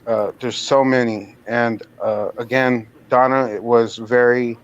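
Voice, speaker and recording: Mod guy thanking everyone, slow and halting, muffled lo-fi sound. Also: mid-range voice, level tone. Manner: halting, sincere, many fillers. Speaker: channel moderator. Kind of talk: casual memorial remarks on a live stream. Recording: dull lo-fi stream audio.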